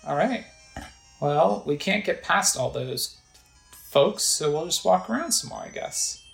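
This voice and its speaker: Low-voiced gamer lady, chatty, swoops around a lot, echoey room with faint game music. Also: expressive, unhurried, creaky. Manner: chatty, describes the screen, reads game text aloud. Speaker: video game player. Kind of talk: casual let's play commentary.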